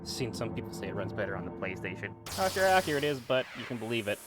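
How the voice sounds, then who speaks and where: A chatty man joking his way through a video game stream, with a lively, animated pitch. Game music sounds clearly behind him. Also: very fast. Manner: chatty, joking, reading game text aloud. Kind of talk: casual let's play commentary.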